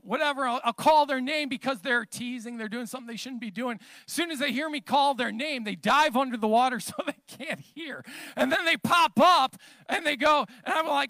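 A man in his thirties preaches with a very high, bright voice. He moves between easy, conversational storytelling and emphatic, rising declarations. The sound is close and dry, with no room around it. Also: brisk, creaky, no echo. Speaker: pastor. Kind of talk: sermon.

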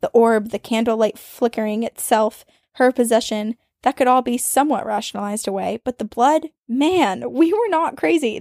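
A woman podcast host reading a listener's ghost story aloud, with dramatic storytelling that speeds up and slows down for suspense. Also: a little high, darkish tone, no echo, studio quality.

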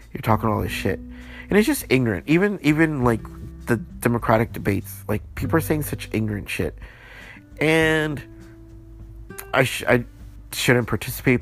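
Frustrated, rambling man, cursing freely. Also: on the low side. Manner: rambling, frustrated, profane, many restarts. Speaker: podcast host. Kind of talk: late-night solo monologue.

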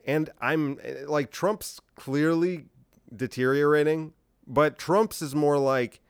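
A man's voice: medium pitch, clear, resonant tone, no echo, studio quality. Rambling, incredulous man hosting a podcast. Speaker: podcast host. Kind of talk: solo political commentary podcast.

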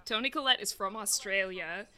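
A woman's voice: medium pitch, moderate pace, sharp tone. A woman guesting on a casual podcast, talkative and full of "like" fillers.

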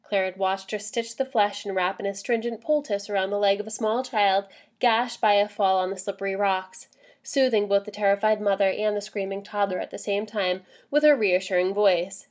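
A woman's voice: mid-range voice, fairly even intonation, moderate pace, a little mellow. Woman reading a novel aloud. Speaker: story reader.

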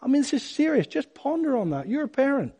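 Casting: middle-aged male preacher, light high voice, emphatic bursts. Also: fast. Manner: emphatic, animated preaching with sudden loud bursts. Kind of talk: sermon.

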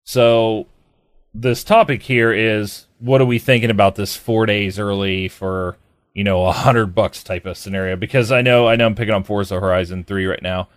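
A man with a voice on the low side hosts a casual podcast, speaking at normal speed with fairly even intonation. He rambles, restarting often and using lots of fillers, and the studio sound is clean with no room sound.

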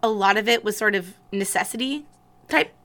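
A woman's voice: mid-range voice, a bit bright. A woman co-hosting a podcast in casual chat, joking and laughing often. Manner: giggly, joking, quick to laugh. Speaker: podcast co-host.

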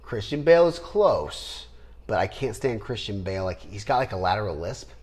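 A man hosting a podcast in casual chat, rambling and trailing off into low mutters. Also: sing-song, moderate pace, a little mellow, breathy edge. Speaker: podcast host.

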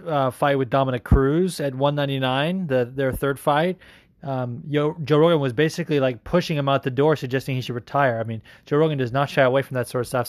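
Profane, rambling podcast host. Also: male voice, mid-range voice, no echo, studio quality. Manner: profane, rambling, with many fillers. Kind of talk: casual podcast monologue.

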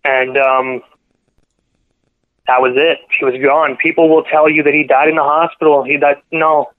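A man guest on a podcast telling a painful personal story in a halting, earnest way, often correcting himself. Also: on the high side, level tone. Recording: phone-line audio.

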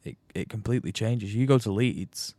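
A laid-back man, slangy and easygoing in casual chat. His voice is a little low. The sound is dry and close. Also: moderate pace, warm tone, no room sound. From Manchester, England. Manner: easygoing, slangy, hesitant restarts.

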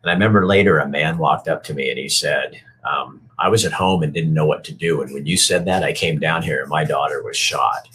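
A middle-aged man, a former TV news reporter, telling a personal story in a halting, reflective way with many pauses. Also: rumbling low, sharp tone, husky.

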